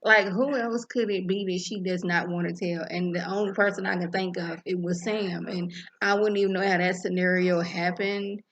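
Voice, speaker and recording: A woman's voice: on the low side, fairly even intonation, moderate pace, dull audio. A woman recaps a TV episode in a loose, chatty way, full of animation. She keeps slipping into the characters' lines to act them out. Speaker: TV episode reviewer.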